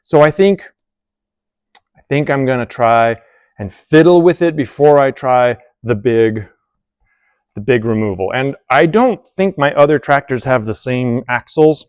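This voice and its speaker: In his workshop, a hobby mechanic casually talks through pulling apart a tractor, musing aloud, teasing himself, and laughing in amused bursts. He speaks smoothly at medium pitch and a measured pace, with no room sound.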